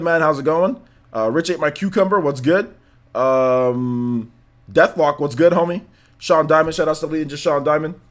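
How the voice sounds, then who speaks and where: A young man hosting a casual live stream, rambling loosely and rattling off quick shout-outs to viewers. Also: fairly high pitch.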